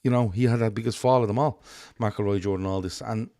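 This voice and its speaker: Male podcast co-host, lowish voice, loose rambling delivery, dry mic. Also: steady tone, fast, mellow, dry recording. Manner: rambling, many ums and restarts. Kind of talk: casual chat.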